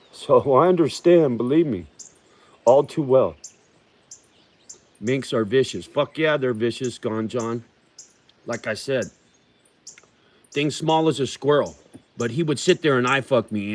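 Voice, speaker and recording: A man hosting a livestream, chatting casually with viewers in a profane, rambling and heartfelt way. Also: mid-range voice. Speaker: livestream host.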